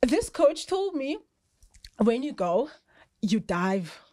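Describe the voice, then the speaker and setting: A South African woman, a rugby player guesting on a podcast, telling lively stories and often breaking into laughter. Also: a little high, slow pace, no room sound, clean studio sound. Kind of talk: casual storytelling chat.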